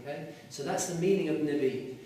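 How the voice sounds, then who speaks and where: A man teaching a class, lively and quizzing his students. His voice sits fairly high for a man. It is recorded from a distance in a very echoey room. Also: fairly quick. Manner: lively, asks students questions. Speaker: Arabic teacher. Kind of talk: classroom lecture. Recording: echoey room, mic far off.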